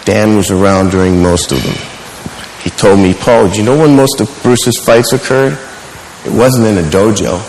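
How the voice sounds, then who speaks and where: A man teaching a martial arts class, telling lively stories and putting questions to his students. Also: lowish voice, moderate pace, slight background noise. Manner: animated storyteller, asks the class questions. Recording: echoey hall with faint ambience.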